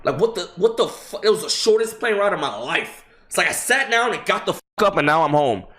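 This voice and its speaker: A young man streaming recounts a wandering story to his chat in an expressive way, swearing a lot and halting to start over. He goes quiet and low, then loud and high.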